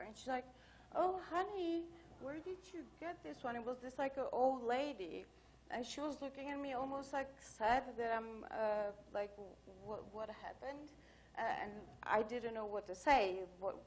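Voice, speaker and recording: A woman's voice: fairly high pitch, slight background noise. A woman giving a conference talk, telling anecdotes in a chatty way full of fillers. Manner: chatty, storytelling with many fillers. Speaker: conference speaker. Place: conference hall.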